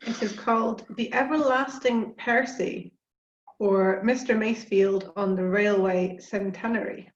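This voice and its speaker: A woman's voice: medium pitch, steady tone, unhurried, reverberant, muffled recording. Woman reading a bouncy rhyming poem. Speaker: poetry reader. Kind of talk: reading a comic poem aloud.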